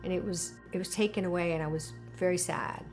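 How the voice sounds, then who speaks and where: A woman in a documentary interview, telling a personal story in an animated, emotional way with lots of fillers. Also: fairly low pitch, brisk, over music. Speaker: interviewee recounting alien contact.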